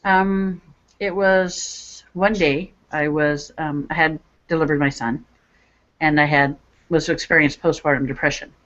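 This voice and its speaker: A woman's voice: sits low, a little slow. A middle-aged woman, a psychic medium, telling her personal story as an interview guest and acting out the voices of people in it. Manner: animated, acts out voices in her stories. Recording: dull lo-fi radio audio.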